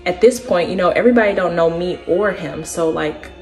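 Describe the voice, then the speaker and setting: Young woman vlogger, slightly low voice, animated and chatty as she tells her story to the camera. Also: a little fast, faint music behind. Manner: animated, keeps addressing listeners as "y'all"; acts out other people's words as she tells it.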